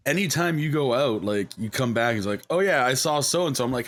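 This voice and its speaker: A man's voice: medium pitch, expressive, fairly quick, a bit bright. A man from Canada, co-hosting a podcast and chiming in casually with a friend. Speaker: podcast co-host. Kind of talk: casual chat.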